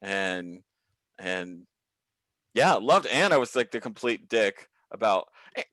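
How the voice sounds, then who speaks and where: A man, a comedian, telling a workplace story over a video call, acting out the people in it with big pitch jumps and plenty of swearing. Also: takes it slowly, no room sound. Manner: animated, profane, acts out quoted people with big pitch jumps. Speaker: comedian guest. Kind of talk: comic storytelling.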